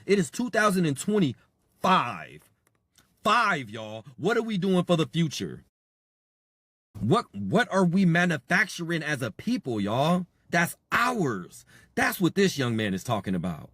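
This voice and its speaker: Speaking straight to his audience, a podcast host launches into a passionate, sarcastic monologue and repeats himself along the way. His voice is a little high and his pace measured, shifting animatedly from loud to quiet. There's no room sound.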